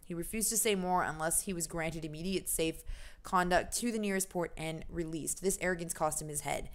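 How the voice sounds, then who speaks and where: A woman's voice: lowish voice, a little fast. A young American woman streaming a game, reading the game's text aloud and chatting in a rambling, self-deprecating way.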